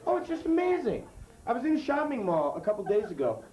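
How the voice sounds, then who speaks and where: Animated stand-up man, high lively voice. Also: fast. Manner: animated, profane, swings from high yelps to low mutters. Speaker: stand-up comedian. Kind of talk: stand-up routine. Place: comedy club stage before live audience. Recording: echoey club with crowd laughter. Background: audience laughter.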